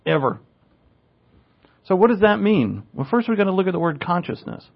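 A man preaching a conversational Bible lesson, his slightly high voice roughened with gravel. He breaks into asides and corrects himself, leaning hard on key words, and the recording sounds dull and lo-fi. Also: big pitch swings, normal speed. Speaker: pastor teaching scripture. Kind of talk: conversational verse-by-verse sermon.

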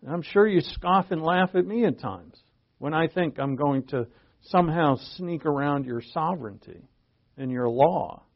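A man's voice: on the high side, moderate pace. A man in his fifties preaching a conversational Bible sermon, asking rhetorical questions and often restarting his sentences. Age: 50s. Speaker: pastor. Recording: dull lo-fi recording.

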